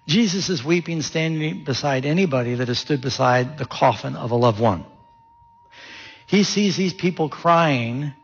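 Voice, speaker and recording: A man preaching a sermon with vivid storytelling and wide swings in pitch, his voice gravelly and husky. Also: dull audio.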